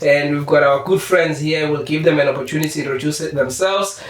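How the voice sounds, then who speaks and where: A man with a South African accent co-hosting a podcast. He talks quickly, mixes Zulu with English and chuckles often. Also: on the high side, roomy sound, far from the mic, slight background noise. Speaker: podcast co-host. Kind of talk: casual studio chat. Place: studio.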